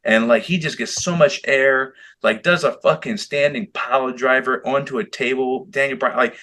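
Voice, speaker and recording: A man recaps a wrestling match with loose, animated energy, swearing freely and slipping into quick impressions. His tone is bright and forceful and sits at an ordinary pitch for a man. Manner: animated, heavy swearing, acts out quotes. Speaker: podcast co-host. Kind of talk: casual wrestling chat.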